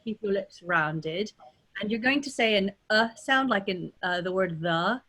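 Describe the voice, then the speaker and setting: A woman's voice: medium pitch, expressive, measured pace, sharp tone. A woman dialect coach on a video call, explaining accent sounds step by step in a casual teaching chat. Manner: demonstrative, talks through sounds step by step.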